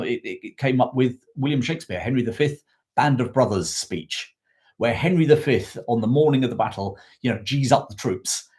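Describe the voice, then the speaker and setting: A man's voice: mid-range voice, a little mellow. A man talks history to a live online audience in an unscripted, meandering way. He restarts sentences, corrects his own slips and stops to thank viewers from the chat. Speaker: history livestream host.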